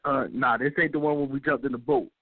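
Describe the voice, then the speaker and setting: A man hosting a radio talk show, telling a story in a relaxed, slangy way and often checking in with the listener. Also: mid-range voice, quick pace, dry recording. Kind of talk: casual storytelling. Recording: dry, phone-like radio audio.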